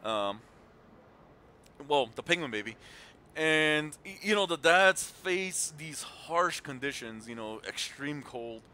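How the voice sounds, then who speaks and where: A man in his thirties talks casually over his game stream, rambling with many fillers and restarts. His voice sits high and swings widely in pitch. It has a bright, forceful edge. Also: slow pace. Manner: animated retelling with voiced quotes. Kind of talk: casual chat while gaming.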